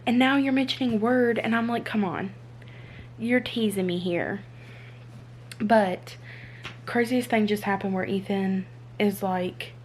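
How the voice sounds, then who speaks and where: A young woman, chatting casually in her reading vlog, excitable and full of rhetorical questions, recorded on a handheld phone. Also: mid-range voice, a little hiss or hum. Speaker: book vlogger. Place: indoors, then moving between spots without a tripod.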